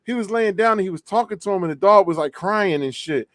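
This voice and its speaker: A man's voice: high voice, quick pace, fairly bright tone, no room sound, clean studio sound. A man hosting a podcast, chatting casually, teasing his co-host and laughing a lot with slang. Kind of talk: casual chat.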